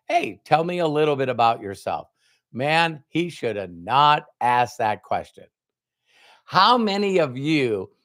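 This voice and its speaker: A man giving a motivational talk, telling a personal story with emphatic quoted dialogue. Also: medium pitch. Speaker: motivational speaker.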